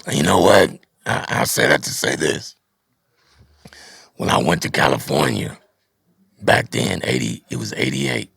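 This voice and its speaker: Deep gravelly husky man. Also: expressive, unhurried, pauses often, fairly bright tone, no echo, clean studio sound. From Dallas, Texas. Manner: reflective, storytelling, repeats words. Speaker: rapper guest. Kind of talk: casual interview conversation.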